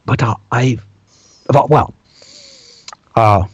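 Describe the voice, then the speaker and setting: A man chatting casually as a guest, halting often and repeating words as he searches for them. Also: mid-range voice, slightly rough, dry recording. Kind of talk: casual conversation.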